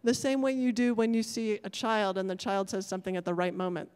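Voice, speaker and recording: A woman's voice: medium pitch, flat delivery, a little fast, a little mellow, clear, resonant tone. A woman giving a conference talk, thoughtful and often correcting herself as she goes. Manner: thoughtful, self-correcting, apologetic about technical glitches. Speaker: conference speaker. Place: large lecture hall. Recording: long hall reverb.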